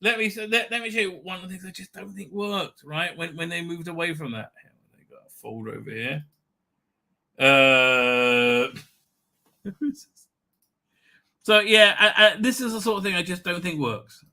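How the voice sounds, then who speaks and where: A man's voice: high voice, lively intonation, normal speed, long pauses, bright, forceful tone. A man hosting a live stream, swearing and jeering through sarcastic commentary. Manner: crude, mocking, swears a lot, breaks into jeering voices. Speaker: livestream host.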